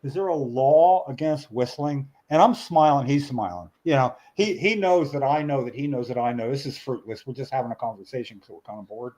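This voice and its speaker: A middle-aged man spins a long, meandering story. He is full of "uh"s and restarts and gets animated in the telling. His pitch sits in an ordinary middle range. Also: fast, few pauses, rough recording. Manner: rambling, animated storyteller with many fillers. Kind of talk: casual storytelling chat.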